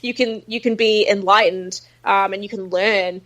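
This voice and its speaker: A woman's voice: medium pitch, steady tone, moderate pace, fairly bright tone. An Australian woman, a guest on a podcast, chatting casually and swearing freely, with lots of "like" fillers.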